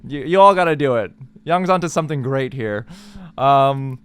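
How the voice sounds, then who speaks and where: Male host, mid pitch, smooth clear voice, upbeat. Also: animated, normal speed, fairly bright tone, no echo. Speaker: podcast host. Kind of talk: casual chat.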